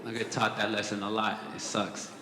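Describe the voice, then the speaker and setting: A young man does a stand-up comedy set on a comedy club stage before a live audience, telling casual, profane stories with dry asides. His voice is fairly low and fairly quick with little pitch movement, and the recording is very noisy, with hall echo and audience laughter.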